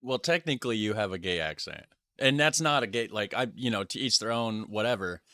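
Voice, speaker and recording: A man's voice: fairly low pitch, expressive, a little fast, pushed and bright, no room sound. A man hosting a reaction video, talking casually with rambling, hedging asides. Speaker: reaction channel host.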